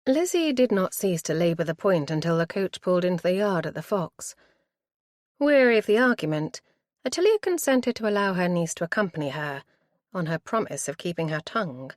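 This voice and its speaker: A woman reads a period mystery aloud, her pitch moving a lot from line to line. The delivery is measured and expressive, recorded close and dry. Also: no echo. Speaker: audiobook narrator. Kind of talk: scripted narration.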